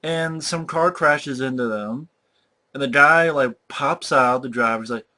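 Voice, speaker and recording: A man giving a ranting movie review, swearing freely and sounding exasperated and animated. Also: mid-range voice, a little slow. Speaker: film reviewer.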